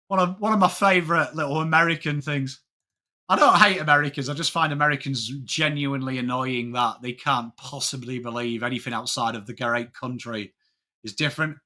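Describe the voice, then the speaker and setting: A man's voice: on the high side, bright, forceful tone. An English man hosting a casual live sports watchalong, chatting with viewers and greeting them by name. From England. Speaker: livestream host.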